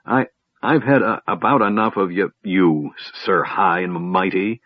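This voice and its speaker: A man puts on a cranky old dwarf with a husky, gruff edge. He scolds with wide swings of pitch, snorting his scorn. The sound is dry and a little dull, like a plain audiobook recording. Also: expressive, moderate pace. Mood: shivering, angry. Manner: snorting, stammering through chattering teeth. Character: old grumpy male dwarf, gritty and scolding.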